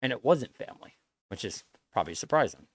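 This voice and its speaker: A man's voice: mid-range voice, very animated, fast, breathy edge, no echo. A man streaming live, talking bluntly to his viewers in a lecturing way, swearing and repeating himself as he makes his point. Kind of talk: casual stream chat to viewers.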